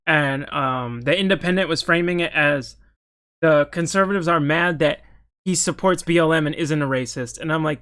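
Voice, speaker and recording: A man's voice: a little high, animated, fairly quick, fairly bright tone. A man giving casual political commentary while reacting to news articles, opinionated and heated, often restarting his sentences mid-thought.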